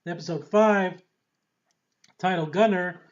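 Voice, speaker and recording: A man casually reviewing a TV series in a rambling, excitable way, often laughing and trailing off with fillers. The recording is dull and lo-fi. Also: high voice, measured pace. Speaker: TV show reviewer.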